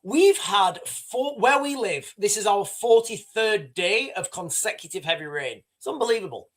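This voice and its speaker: A man's voice: high-pitched, animated, moderate pace. A man hosting a live stream, talking in a rambling, conversational way to his viewers and reading their chat comments. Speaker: livestream host.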